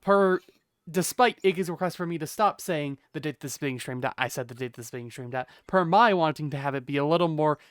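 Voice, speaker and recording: Smooth-voiced man hosting a game stream. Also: on the high side, brisk, a bit bright, no echo, studio quality. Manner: wry, rambling, swears casually. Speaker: stream host. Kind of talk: casual gaming-stream chat.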